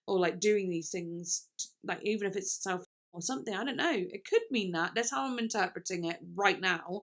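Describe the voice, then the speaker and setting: A woman's voice: medium pitch, normal speed. A young woman chatting casually in a music reaction video, thinking aloud with lots of fillers and restarts.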